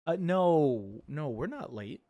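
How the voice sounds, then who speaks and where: A man's voice: on the high side, big pitch swings, slow pace, creaky, mellow. Playful man reading out chat. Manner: playful and jokey, with goofy asides. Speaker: co-host reading viewer chat. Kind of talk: casual livestream chat.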